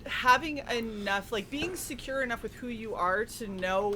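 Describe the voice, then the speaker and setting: A woman from the western United States, chatting on a panel, telling animated stories and swearing freely. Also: fairly high pitch, normal speed, a little hiss or hum. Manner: animated storyteller, quotes people in acted voices, swears freely. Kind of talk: casual chat.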